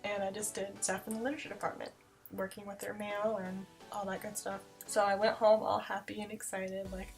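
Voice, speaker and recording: A woman's voice: mid-range voice, a little fast, faint music behind. Chatty young woman vlogger. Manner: chatty, fillers of "like", animated retelling. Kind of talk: casual Q&A storytelling.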